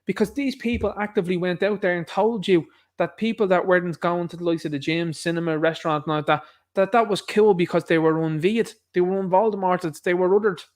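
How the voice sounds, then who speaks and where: A man's voice: high-pitched, fairly quick. A man hosting an online commentary show, ranting indignantly at the viewer in a repetitive way.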